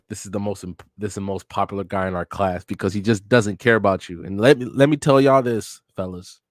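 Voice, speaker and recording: A young man with a fairly low voice reacts to a manga as he reads it aloud. His commentary is loose, joking and full of cussing. It is recorded dry and close, with no room sound. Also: no room sound. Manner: joking and profane, with sudden loud laughing outbursts. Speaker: podcast host reading a manga on air.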